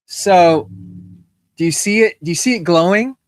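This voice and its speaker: A man's voice: high-pitched, moderate pace, no room sound, clean studio sound. Chatty man rambling about his collection. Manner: rambling, full of fillers and restarts. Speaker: guest showing his mask collection. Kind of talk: casual chat.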